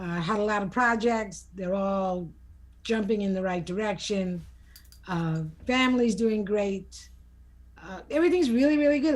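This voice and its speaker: Upbeat middle-aged co-host woman. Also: medium pitch. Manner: upbeat, measured, with hesitations. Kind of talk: casual talk-show chat.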